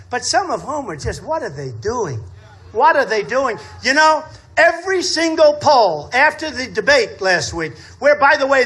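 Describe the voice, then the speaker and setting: A man in his sixties giving a campaign rally speech outdoors, boastful and repetitive, often shouting. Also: extremely high pitch. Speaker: political candidate. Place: outdoor state fair rally.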